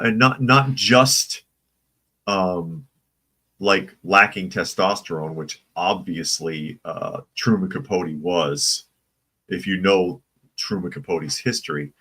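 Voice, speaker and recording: Deep-voiced man hosting an opinion stream. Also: bright, forceful tone, slightly rough. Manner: opinionated, rambling, reads chat comments aloud. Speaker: political commentary channel host. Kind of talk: casual live-stream commentary.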